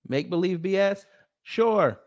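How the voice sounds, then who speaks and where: A man hosts a live stream and fires back at his chat with mocking sarcasm. His voice sits fairly high and leaps up and down in pitch. The sound is close and dry. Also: animated, slow pace, darkish tone, no room sound, lo-fi sound. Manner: sarcastic, mocking, confrontational toward commenters. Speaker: host of a news commentary livestream.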